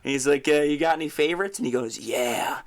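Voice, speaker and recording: A young man co-hosts a casual podcast chat, telling rambling stories laced with plenty of swearing and frequent laughter. His voice is on the high side and his pace brisk.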